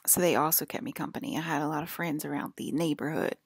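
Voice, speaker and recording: A woman's voice: deep voice, fast, vocal fry, slightly rough, no room sound, clean studio sound. A woman talking in a casual, rambling monologue, full of "like" fillers and drifting from topic to topic. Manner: offhand, drifts between topics.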